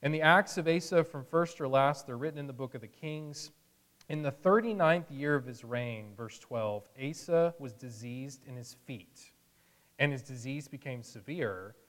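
A man's voice: medium pitch, long reverb tail. A man teaching a Bible sermon in a conversational way, acting out the people he quotes with a chuckle now and then. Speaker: preacher.

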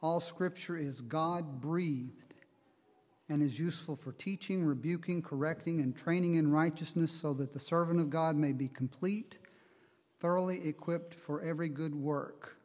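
A man preaching a sermon, reading scripture in a measured way and explaining it. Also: a little high, darkish tone, long reverb tail. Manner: measured Bible reading and teaching, slow on quoted verses.

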